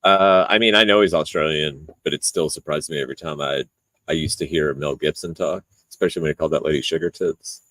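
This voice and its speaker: A man co-hosting a podcast, chatting casually with animated, exaggerated reactions and frequent laughter. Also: rumbling low, fast, dry recording. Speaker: podcast co-host. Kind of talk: casual chat.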